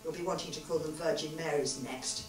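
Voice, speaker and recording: A sharp-tongued, exasperated woman snaps her lines in a cross, clipped way, as the author reads her aloud. Her voice is fairly low and lively. She sounds far from the mic in a reverberant hall. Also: a little fast, faint music behind, close to an everyday voice.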